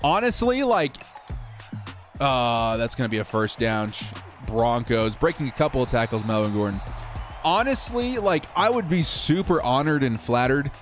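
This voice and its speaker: Over soft background music, a young streamer who runs a football simulation channel calls a football video game live and replies to his chat. His medium-pitched voice swings widely in pitch at a normal speed, and his relaxed, cheerful talk is full of laughter and repeated words.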